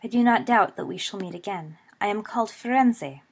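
A woman voicing a calm, solemn young male centaur who speaks slowly and formally, with a husky voice. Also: mid-range voice. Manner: slow, measured and formal.

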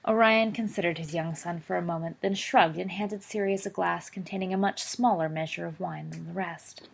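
A woman reading a story aloud as a narrator, in a steady, expressive way. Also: on the low side, moderate pace, creaky, breathy edge. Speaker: audiobook reader.

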